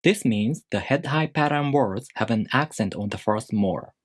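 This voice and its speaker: A man teaching a language lesson, explaining rules step by step in a measured, scripted way. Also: lowish voice, animated, breathy edge, no room sound, clean studio sound.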